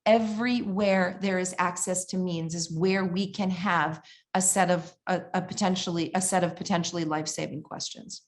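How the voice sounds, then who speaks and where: A woman giving a keynote talk at a conference, telling stories in an animated way and often asking "right?" and "you know". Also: fairly low pitch, normal speed. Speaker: keynote speaker.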